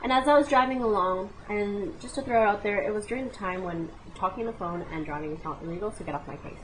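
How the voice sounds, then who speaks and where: A woman in her late twenties tells a funny story about her own life straight to the camera. She is animated and dramatic, tossing in exclamations and side remarks to the viewer. Her pitch sits in the middle range, with a faint hum of noise behind her. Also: quick pace. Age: 20s. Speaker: vlogger. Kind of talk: comic personal storytelling to camera.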